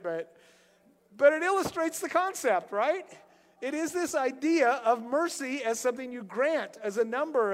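A man's voice: extremely high pitch, in a large hall. A man preaching a sermon as pastor, telling stories loosely and often repeating and restarting words.

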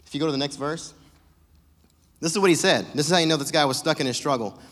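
A male pastor delivers a sermon in a casual, joking way, full of animated storytelling. His voice sits somewhat high for a man. The sound carries the long reverb of a large church hall. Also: fast talker.

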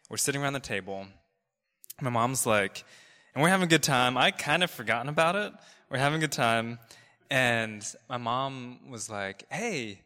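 A man's voice: medium pitch, bright, forceful tone. A man preaching a casual storytelling sermon, chatty and loose, with lots of fillers and restarts. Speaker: pastor. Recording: long reverb of a large hall.

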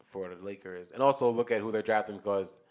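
A man's voice: on the low side, fast talker, a little mellow. A man co-hosting a podcast, talking sports casually and thinking aloud as he goes. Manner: loose, rambling, thinks aloud with restarts. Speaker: podcast co-host.

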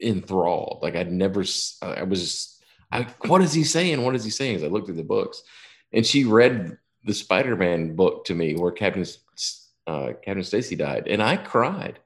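A man's voice: low-pitched, expressive, unhurried. A man in his fifties telling a long personal story in casual chat, rambling and profane, often restarting his sentences.

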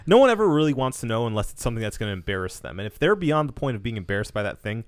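A man co-hosting a casual podcast, easygoing, agreeing a lot and reading product labels aloud in a flat way. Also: medium pitch, rapid-fire, no room sound. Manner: laid-back, agrees a lot, reads labels aloud flatly. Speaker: podcast co-host. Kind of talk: casual chat.

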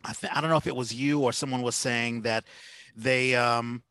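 A man's voice: medium pitch, steady tone, moderate pace, sharp tone, clean tone, dry recording. A man hosting a podcast over a video call, talking in a rambling way with many fillers and restarts. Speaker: podcast host. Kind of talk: casual video-call conversation.

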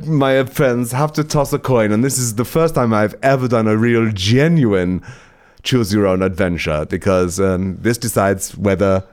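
A man reading absurd comic stories aloud, excitable and swearing, laughing at his own jokes. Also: on the low side, unhurried. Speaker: comedian storyteller. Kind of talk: comic story reading on a podcast.

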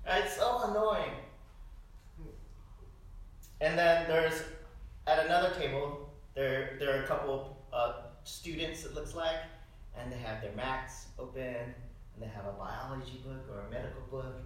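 A man preaching a sermon, telling stories in an animated way and often tossing out a rhetorical "right?". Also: medium pitch, moderate pace. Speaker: pastor. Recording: echoey hall, distant mic.

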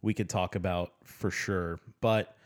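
Low-voiced man asking questions casually. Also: a little slow. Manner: relaxed, filler-heavy questioning. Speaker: podcast co-host. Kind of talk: casual book discussion.

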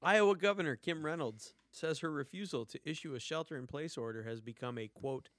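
A man's voice: on the high side, a little fast, a bit bright, no echo. A man co-hosting a podcast, ranting in a casual, exasperated way with plenty of swearing. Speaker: podcast co-host. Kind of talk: casual chat.

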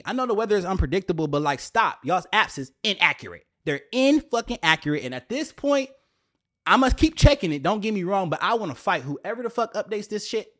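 A young man telling a story to his viewers in a casual, profane, animated way, often jumping up into a high exclaiming voice. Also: brisk. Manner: profane, slangy, addresses viewers directly.

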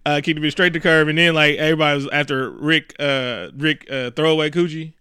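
A man recapping a film for laughs in loose, profane storytelling, his voice a bit high and very bright. He sounds smooth and clean, recorded dry and close. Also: a little fast, no room sound. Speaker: podcast co-host. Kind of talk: comedic movie recap.

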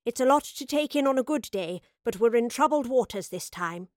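A woman voicing a brave female professor who pilots a time ship, firm and steady. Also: fairly high pitch, brisk, no echo, studio quality, close to an everyday voice. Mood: urgent.

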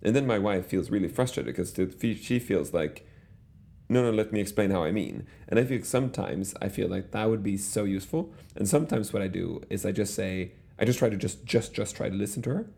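A middle-aged man with a fairly low, gravelly, dark voice talks a little fast. As an interview guest, he tells stories casually and conversationally, rambling with lots of restarts and fillers.

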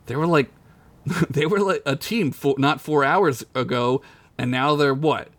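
A man's voice: on the high side, a little slow, fairly bright tone, dry recording. Man reading a comic story aloud. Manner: casual, laughs into his own lines. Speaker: podcast storyteller.

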